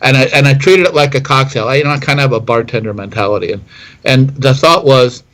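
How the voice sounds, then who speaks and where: A man's voice: mid-range voice, quick pace, a bit bright, poor audio. A middle-aged man, a distiller telling a long story in an interview, rambling with many fillers and restarts. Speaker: whiskey distiller guest.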